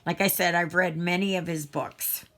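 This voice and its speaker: A woman's voice: fairly low pitch, steady tone, moderate pace, a bit bright. A middle-aged Canadian woman chatting casually while crafting, rambling and often breaking off mid-sentence. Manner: rambling, self-interrupting, chatty. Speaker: craft vlogger.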